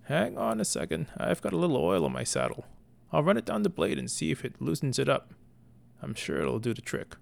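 Frail old messenger, folksy and fussy, raised gravelly voice, put on by a male narrator. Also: mid-range voice, huge pitch swings, a little fast, voice pushed up, exaggerated voice.

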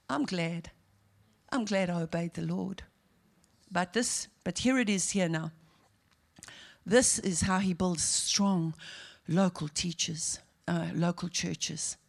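A woman pastor from South Africa preaching a sermon, moving between quiet asides and fervent, rising outbursts. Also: on the low side, slow, creaky, long pauses.

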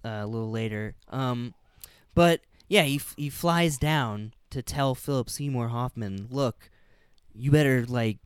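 A man's voice: medium pitch, measured pace, clean tone, no room sound, clean studio sound. Laughing, profane male podcast co-host. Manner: laughing, profane, acts out film lines. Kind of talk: casual movie discussion.

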